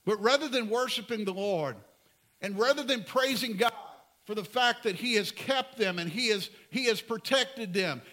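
Male pastor delivering a sermon; bright, high voice, earnest and pleading. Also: normal speed. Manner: earnest, pleading, dropping to soft emphasis.

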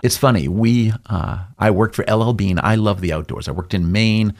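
Low gravelly-voiced storytelling man. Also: normal speed, a little mellow. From New England. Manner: jokey storyteller, acts out voices with big jumps. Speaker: interview guest, business owner. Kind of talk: casual interview chat.

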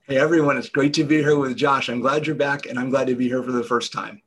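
A man, a business guest on a podcast, explaining ideas in a measured storytelling way. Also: medium pitch, fairly even intonation, fairly bright tone, slightly rough. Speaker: guest entrepreneur.

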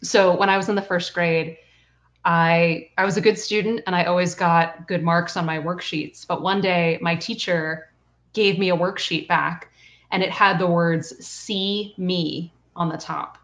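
A woman guest telling a personal story in an earnest, reflective way, with soft laughs. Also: lowish voice, fairly even intonation, a little slow. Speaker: guest author and coach. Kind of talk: conversational storytelling.

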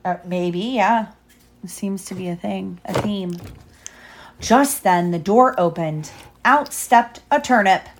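A mother reading a picture book aloud to her child, pausing to explain pages and ask questions. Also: medium pitch, a little hiss or hum. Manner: stops to explain and quiz the child.

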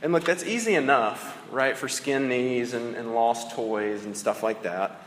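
A man's voice: mid-range voice, measured pace, a little hiss or hum. A man in his thirties preaching a sermon in a conversational way, with fillers and restarts. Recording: echoey hall with long reverb.

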